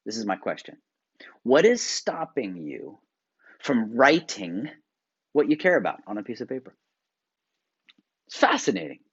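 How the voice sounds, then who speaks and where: Lively coaching man, lo-fi sound. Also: medium pitch, unhurried, long pauses, slightly rough. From United States. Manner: coaching, gives direct instructions and exercises; animated, swings between loud emphasis and quiet asides. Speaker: workshop presenter. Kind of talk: motivational video talk to viewers. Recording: dull lo-fi sound.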